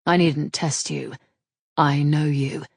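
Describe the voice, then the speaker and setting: A woman reading the lines of a grave, teasing male rogue in a measured, dry manner. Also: deep voice, fairly even intonation, vocal fry, slightly rough, no echo, heavily acted.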